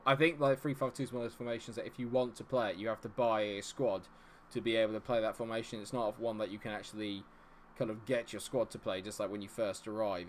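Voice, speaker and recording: Young guy live streaming a footy manager game, gets loud and excited then frets, bit of faint noise behind. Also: on the low side. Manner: excitable, swings between cheering and fretting, talks to chat.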